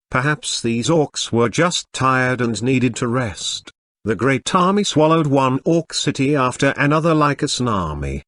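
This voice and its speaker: A man's synthetic voice reading a web novel as scripted audiobook narration, steady and even in delivery. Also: medium pitch, no echo, studio quality.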